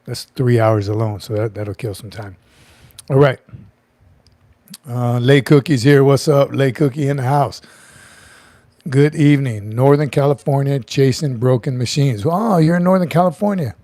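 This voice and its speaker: A man's voice: mid-range voice, moderate pace, mellow, no echo. A middle-aged man hosting a casual livestream, chatty, joking and greeting viewers by name. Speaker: livestream host.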